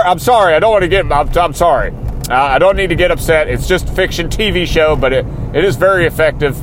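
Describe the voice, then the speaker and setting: A man with a voice on the high side hosts a podcast, recapping a TV episode casually and ramblingly while driving his car. He keeps talking himself into getting worked up. The recording is rough, with slight background noise.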